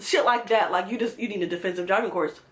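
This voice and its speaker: A woman's voice: mid-range voice, fast, a bit bright. A young woman from Georgia telling a profane, exasperated storytime to her viewers. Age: young adult. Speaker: vlogger. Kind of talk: storytime vlog.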